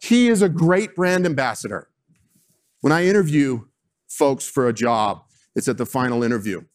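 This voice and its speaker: A man speaking as a sports team executive, giving a keynote speech and telling stories in an emphatic, animated way. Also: medium pitch, normal speed.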